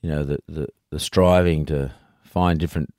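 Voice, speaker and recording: Very deep-voiced Australian man hosting. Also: fairly even intonation, normal speed, darkish tone, dry recording, studio quality. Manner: blunt, rambling, frequent restarts. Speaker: podcast host. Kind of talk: casual interview.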